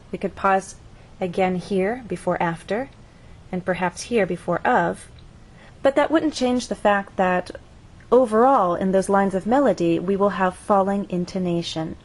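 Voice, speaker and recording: Woman teaching English pronunciation clearly. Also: mid-range voice, a little mellow, poor audio. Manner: clear, deliberate teaching delivery. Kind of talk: scripted lesson narration.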